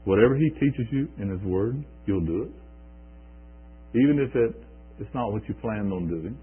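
Husky low-voiced man preaching a sermon. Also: animated. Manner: conversational retelling of scripture, with halting restarts. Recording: tinny phone-like recording.

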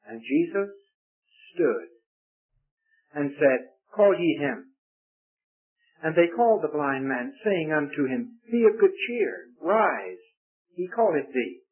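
A man's voice: fairly high pitch, very animated, slow, pauses often. A man preaching a sermon, reading scripture emphatically in old-style English and leading a prayer. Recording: tinny, phone-like lo-fi recording.

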